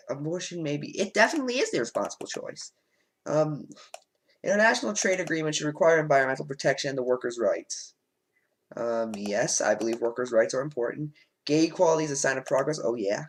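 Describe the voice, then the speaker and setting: A man's voice: fairly high pitch, brisk, a little hiss or hum, poor audio. A man and let's play host, reading quiz statements aloud and answering them bluntly, with frequent ums, on a home desk microphone.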